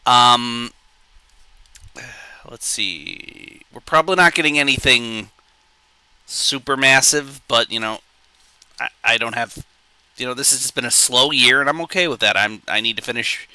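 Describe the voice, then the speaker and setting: A man's voice: mid-range voice, unhurried, pauses often, bright, forceful tone, smooth, no room sound. A male streamer joking around on a live reaction stream, rambling with goofy asides.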